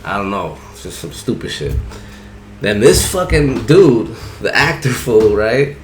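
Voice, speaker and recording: A man's voice: on the low side, big pitch swings, unhurried, a little hiss or hum. A man casually telling a rambling, profane story in heavy slang, often saying "you know what I'm saying". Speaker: barber telling a story on a podcast.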